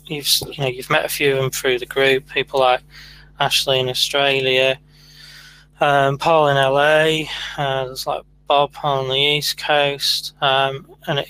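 A man hosts a podcast in an earnest, deliberate way, his voice bright and sharp but flat in pitch. A faint hum sits behind him. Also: rough recording. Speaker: podcast host. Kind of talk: casual chat.

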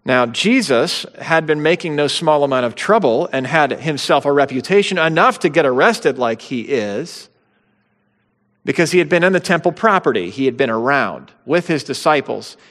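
A man's voice: fairly high pitch, animated, normal speed, a bit bright. A man preaching a sermon, conversational teaching with bursts of dramatic quotation. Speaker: pastor. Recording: long hall reverb.

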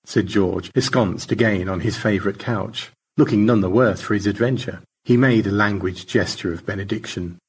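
Husky male story narrator. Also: fairly low pitch, fairly even intonation, normal speed, few pauses. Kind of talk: audiobook narration of a short story.

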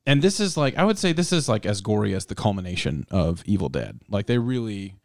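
A man's voice: on the low side, sing-song, brisk, no room sound. A man hosting a casual movie-review chat who laughs often, swears freely and rambles.

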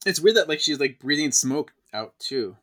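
Casting: giggly male podcast co-host, bright energetic tone, casual comic recap. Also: a little high, normal speed. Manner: giggly, laughs often while narrating.

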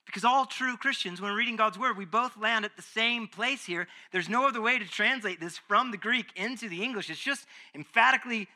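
A male pastor delivering a sermon in a very bright, ringing voice pitched a little high. He preaches emphatically, dropping to near-whispers and then building to loud, fervent stretches. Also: brisk, hardly any pauses. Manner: emphatic, swings from hushed to loud.

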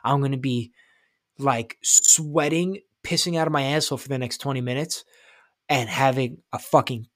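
A man telling a rambling, profane story in casual chat, acting out quotes loudly and excitedly. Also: medium pitch, normal speed, no echo, clean studio sound.

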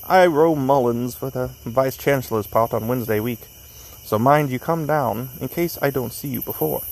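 A man's voice: medium pitch, moderate pace, vocal fry, a little hiss or hum, close to an everyday voice, poor audio. A man doing a breezy young oarsman. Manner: jovial, clubby chatter. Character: hearty young male oarsman, breezy and chummy.

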